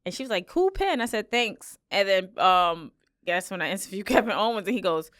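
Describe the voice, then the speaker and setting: A woman's voice: mid-range voice, fairly quick, no echo. Dry-voiced woman co-hosting a casual chat. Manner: lively storytelling, acting out quoted lines. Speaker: podcast co-host.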